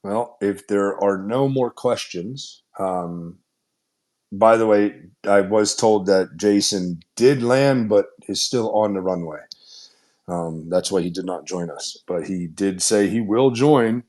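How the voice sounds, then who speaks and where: A man's voice: fairly low pitch, takes it slowly, a little mellow. A man, a company executive, hosting a casual shareholder Q&A and talking in earnest, upbeat run-on sentences with frequent restarts. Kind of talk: casual conference-call Q&A.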